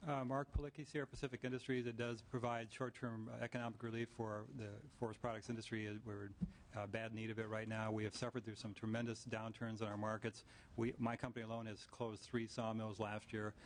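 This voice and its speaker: A man testifies briefly for his company at a hearing, speaking fast in a flat, plain-spoken way. A faint noise sits behind him. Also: on the low side. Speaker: timber company witness.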